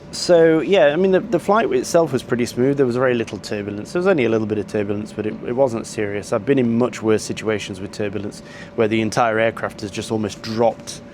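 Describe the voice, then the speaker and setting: A man's voice: mid-range voice, a little mellow, slight background noise. A man, telling a rambling travel story to camera and complaining at length, with frequent ums and restarts. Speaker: travel vlogger.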